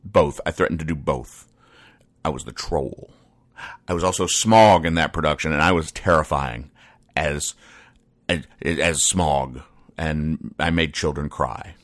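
Speaking a little slowly in a bass voice, a male comedy-show host reads comic strips and rambles casually about them, mocking himself and throwing in bursts of acted lines.

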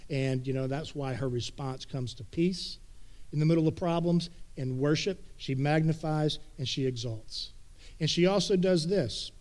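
A man preaching a sermon in a relaxed, conversational way, retelling scripture in everyday words. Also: mid-range voice. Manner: conversational, paraphrases scripture in casual speech. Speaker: pastor.

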